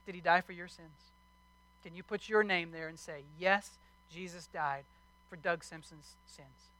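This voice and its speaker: A male pastor preaching a sermon, earnestly pressing his listeners with pointed questions and reading scripture slowly. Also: sits high, fairly bright tone, rough recording.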